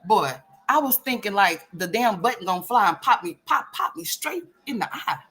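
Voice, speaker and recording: A woman's voice: mid-range voice, lively intonation, normal speed, sharp tone. A woman hosting a casual reaction commentary, blunt, profane and teasing, with playful mock outrage. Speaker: commentary channel host.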